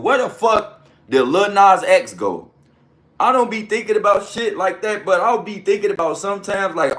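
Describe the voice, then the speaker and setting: A man giving a slangy, animated commentary rant, acting out gunshot sounds. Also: fairly high pitch. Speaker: commentary host.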